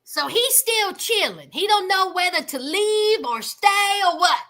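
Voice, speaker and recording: A woman hosting a casual reality TV recap, animated and exclaiming, talking straight to her viewers. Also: very high voice, unhurried.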